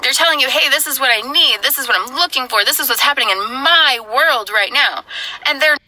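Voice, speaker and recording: A woman addresses the camera earnestly in a played clip, lecturing the viewer in a high, pushed, bright voice at a fairly quick pace. The recording sounds rough.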